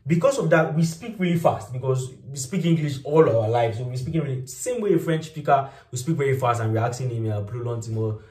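A man's voice: mid-range voice, fairly quick, hardly any pauses, far from the mic. A young Nigerian man, a Yoruba speaker, telling stories in a casual chat and laughing often. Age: young adult. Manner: animated storytelling, laughs often. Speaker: vlog host. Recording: roomy, a little off-mic.

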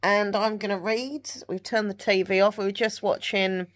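A woman's voice: mid-range voice, fairly even intonation, normal speed. A woman with a Southern English accent chatting casually to camera at home in the evening, rambling with lots of ums and likes. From England. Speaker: vlogger.

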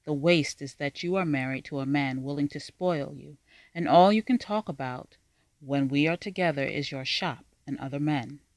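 A narrator voicing a young woman who serves as a court storyteller, speaking calmly and solemnly. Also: mid-range voice, moderate pace, no room sound, close to an everyday voice. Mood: scolding. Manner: calm, solemn.

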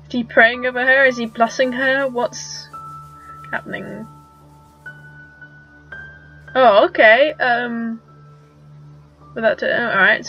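A young woman talks through a video she is watching, exclaiming in disbelief and tripping over her own restarts. Her voice sits high, and the recording is dull and lo-fi with faint music underneath. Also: a bit bright. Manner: incredulous, exclaiming, stammering restarts. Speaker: reaction vlogger. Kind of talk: reaction video commentary.

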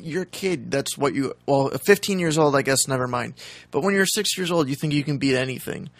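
Gravelly man cracking crude jokes. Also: medium pitch, a little fast, no room sound. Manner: wisecracking interjections. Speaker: podcast co-host. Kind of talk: crude banter.

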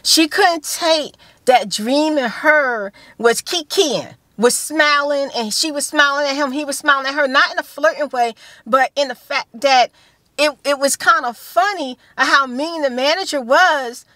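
A woman with a bright, fairly high voice rambles through a story in a whispered role-play style, full of you-knows and restarts. The sound is close and dry, with no room around it. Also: a little slow, no echo. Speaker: vlogger. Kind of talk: casual storytelling chat.

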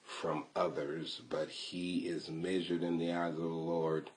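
A middle-aged man speaking to his son as a father, in a measured, reverent, preacher-like way, quoting scripture. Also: low voice, level tone, a little mellow. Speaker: father giving a blessing. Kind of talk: preacher-like spoken blessing.

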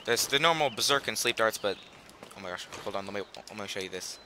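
Background noise sits behind this teenage boy's lowish, animated and fast voice as he hosts a gaming channel. In casual let's play commentary he rambles, jokes around, stays chatty and leaves sentences unfinished.

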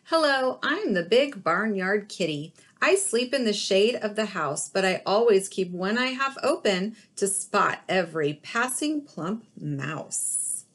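A big lazy storybook cat speaks slyly, stretching her words out, as a woman reads her. The delivery is slow and swoops up and down. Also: medium pitch, lively intonation.

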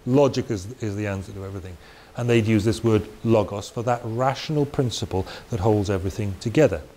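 A man's voice: lowish voice, fairly quick, warm tone. Man giving a chatty Bible talk. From Wales. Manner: conversational, chatty asides and restarts. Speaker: preacher. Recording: faint hiss.

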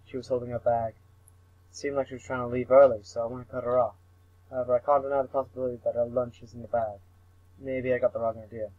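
A young man does a comic read-through of a visual novel, mumbling, stumbling over words, and cursing at himself. His mid-range voice stays level and quick, and the dry recording has its highs cut off.

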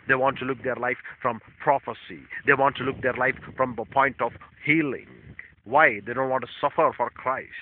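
A male pastor preaching a sermon in emphatic, non-native English, repeating phrases and swinging between loud stresses and quiet asides. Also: medium pitch. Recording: tinny phone-like dry sound.

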